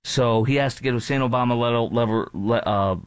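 A man's voice: medium pitch, a little fast, smooth, no room sound. A man hosting a talk radio show, delivering a combative, emphatic political monologue. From North Texas.

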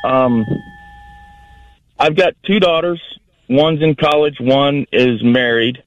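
A middle-aged father calling in to a radio show, speaking slowly and rambling fondly. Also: medium pitch, no echo, dull audio. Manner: slow, warm-hearted, rambling. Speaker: caller. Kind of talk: casual call-in chat. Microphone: phone line.

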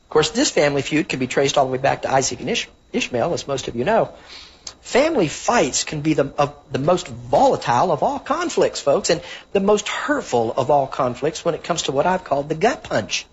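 A man's voice: a little high, slight background noise. A man preaching a sermon, earnestly teaching from the Bible and citing chapter and verse. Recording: dull lo-fi recording.

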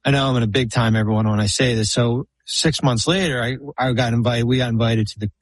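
A man with a husky, slightly rough voice recorded close and dry, with no room sound around him. He tells long anecdotes in casual chat on a podcast, doubling back and restarting his sentences as he goes. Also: mid-range voice, fairly even intonation, fast talker, dry recording. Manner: rambling anecdotes full of restarts and fillers. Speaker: podcast guest, former basketball executive.

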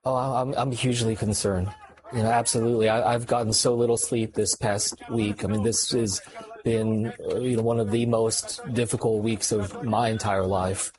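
A man being interviewed as an elected official, speaking haltingly and worriedly with many restarts. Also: on the low side, flat delivery, a little mellow. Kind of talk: radio interview.

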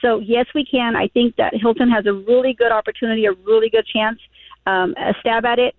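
A woman's voice: fairly high pitch, fairly even intonation, a little fast, no echo. A woman guest on a radio talk show, speaking emphatically and stumbling over her words. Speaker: political guest. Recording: tinny phone line.

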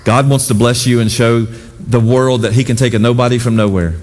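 A man preaching a sermon with animated, emphatic delivery and repeated exhortations. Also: mid-range voice, a little fast. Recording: long hall reverb with faint music.

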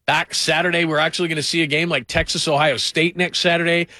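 A man hosting a call-in sports radio show, talking in an animated, rambling way and mimicking people in put-on voices. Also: a little high, fast talker, no echo.

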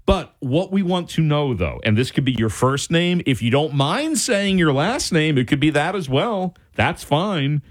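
Animated, rambling male radio host. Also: a little high, unhurried, hardly any pauses. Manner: rambling, animated, stumbles and restarts. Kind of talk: casual radio chat.

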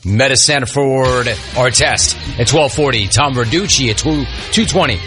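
A man's voice: mid-range voice, moderate pace, over music. A man hosting a sports talk radio show, delivering his opinions in an emphatic, punchy way from a studio.

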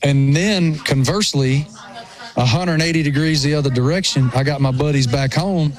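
A man with a thick rural Appalachian accent trades stories as a sports radio co-host. His voice sits a little high for a man, and he teases himself with lively, self-mocking energy. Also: moderate pace. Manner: animated, self-mocking storyteller. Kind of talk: casual chat.

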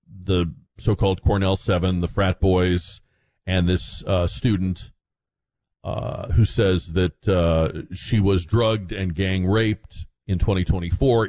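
A low-voiced male talk radio host speaks in an opinionated monologue. His tone is sarcastic and he often restarts his sentences as he works through his points. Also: darkish tone.

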